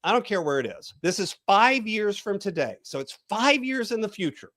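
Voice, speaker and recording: A man with a fairly high voice, coaching as a podcast guest. He talks the listener through a story, guiding them to imagine step by step. The sound is dry and close. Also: very animated, moderate pace, fairly bright tone, no echo. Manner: storytelling, guided visualization. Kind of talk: podcast interview.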